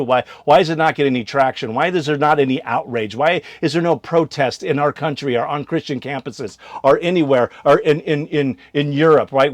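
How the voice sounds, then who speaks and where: A man, a missionary and show host, preaching in a casual monologue, firing rhetorical questions and swinging between loud bursts and quiet asides. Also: a little high, dry recording, studio quality. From United States.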